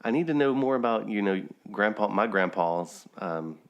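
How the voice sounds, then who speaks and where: Deep-voiced guy on a podcast, telling family stories and chuckling at his own bits. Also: lively intonation, moderate pace, lo-fi sound. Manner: storytelling, laughs at own jokes. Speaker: podcast host. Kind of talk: casual chat.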